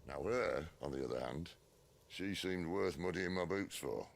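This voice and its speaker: Game cutscene: a deep, gravelly seasoned rogue, dry and teasing, with a faint noise bed. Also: male voice, moderate pace. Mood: wry. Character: gruff, wry rugged man, a seasoned rogue. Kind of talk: video game cutscene dialogue.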